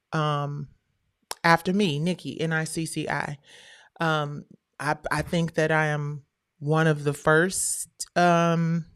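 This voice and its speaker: Smooth low-voiced woman chatting on a livestream. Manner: animated, slangy and chatty. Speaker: livestream host. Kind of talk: casual livestream chat.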